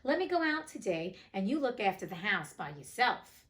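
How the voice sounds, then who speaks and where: A greedy, lying female cat from a storybook, smooth and coaxing as she spins her excuses, read by a woman. She stays cool and offhand even when questioned, with only a slight lift above a plain reading voice. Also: mid-range voice, moderate pace. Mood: sly. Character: sly scheming female cat, greedy liar.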